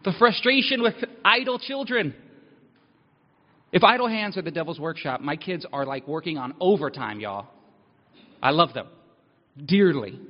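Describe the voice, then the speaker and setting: A man preaching a sermon, candid and self-mocking, speaking earnestly about needing help. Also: high voice. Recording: dull sound with long hall reverb.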